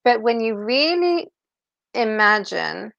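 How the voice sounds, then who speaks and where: A woman hosting an interview, affirming her guest warmly and repeating words as she thinks aloud. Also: on the high side, sing-song, takes it slowly, vocal fry, no echo, dull audio. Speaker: podcast host. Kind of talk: interview conversation.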